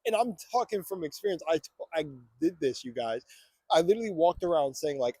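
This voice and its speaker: A man's voice: on the high side, expressive, brisk, dark tone, husky, no echo. A young man giving a fired-up morning motivational monologue on spirituality, preachy and swearing freely.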